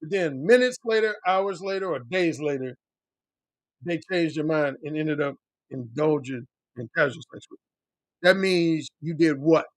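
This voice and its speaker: A man's voice: measured pace, no echo. A middle-aged male dating coach talking bluntly on a livestream, swearing freely and repeating his points for emphasis. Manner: mimics other men in a high voice when quoting. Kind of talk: livestream talk answering chat.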